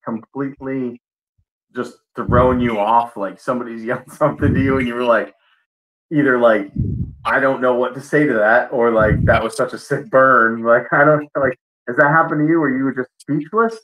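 A man's voice: medium pitch, a bit bright, rough recording. A man hosting a podcast, asking rambling casual questions. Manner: loose, filler-heavy questions with lots of "like". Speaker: podcast host. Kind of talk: casual interview chat.

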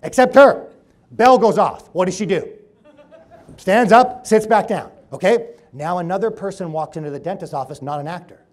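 A man speaking as a chiropractor at a live seminar, telling stories energetically, acting out the people in them and swinging between loud and hushed. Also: sits high, normal speed. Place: room with an audience.

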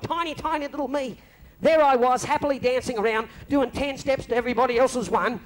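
An Australian man telling a long comic story on stage, lively and broad, slipping into mimicked voices. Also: extremely high pitch, brisk. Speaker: comedian telling stories on stage. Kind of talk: live stand-up storytelling. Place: club stage before a live audience. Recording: faint crowd ambience from a live venue.

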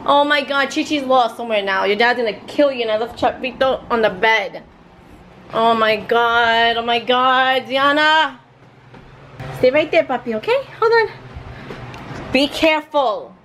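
A woman vlogging her family day, talking in an expressive, excitable way and dropping in Spanish phrases. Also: a little high, unhurried, a little hiss or hum. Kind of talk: casual daily vlog. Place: home, then outside in a parking lot.

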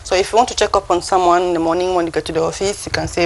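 A woman teaching on a TV segment, pronouncing slowly and carefully and often restarting her sentences. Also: lowish voice, steady tone, a little hiss or hum, rough recording. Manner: slow, careful pronunciation with frequent restarts. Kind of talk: language lesson.

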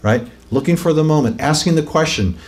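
A man's voice: fairly high pitch, expressive, a little fast. A man preaching an informal teaching sermon, conversational, often rising to emphatic peaks and asking the room questions. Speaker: pastor.

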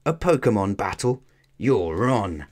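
A man's voice: on the low side, big pitch swings, unhurried, a little mellow. A man doing an eager young boy trainer. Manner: eager, breathless.

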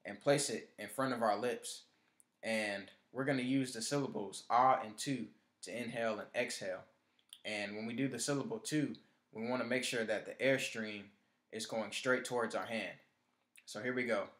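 Guy teaching trumpet basics, explains step by step, counts you in, room echoes a lot. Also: mid-range voice. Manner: steady step-by-step instruction, counting in. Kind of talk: instructional lesson.

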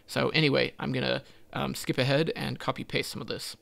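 A man's voice: medium pitch, flat delivery, fairly quick, gravelly, a bit bright. A man teaching a coding tutorial, thinking aloud as he types, with frequent ums and self-corrections. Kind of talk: screen-recorded coding walkthrough.

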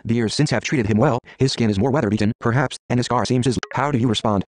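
A man's voice: mid-range voice, fast talker, no echo. A man reading an interactive story game aloud, stumbling, restarting, and muttering menu words between lines.

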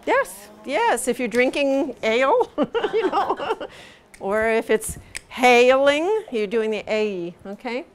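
A woman leads a pronunciation lesson at a very slow, deliberate pace. Her voice sits fairly high, and she repeats each sound patiently, stretching the vowels so learners can follow. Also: expressive, slight background noise. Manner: patient, drills sounds slowly with repetition and light laughs. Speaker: pronunciation teacher. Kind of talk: live English pronunciation lesson.

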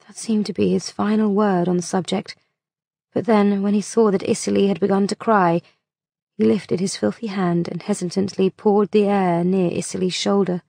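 A woman narrating an audiobook in a measured, unhurried reading voice on a close mic. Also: medium pitch, steady tone, creaky, warm tone, no room sound.

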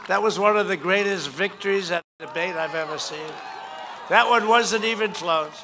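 A man's voice: high voice, normal speed, crowd noise, background noise. A man giving a campaign rally speech, boastful and rambling, repeating himself. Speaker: politician. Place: outdoor rally.

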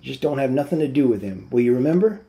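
A man reading aloud, voicing a worried, protective ranch hand who gives quick, urgent warnings. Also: medium pitch, animated, gravelly, muffled recording.

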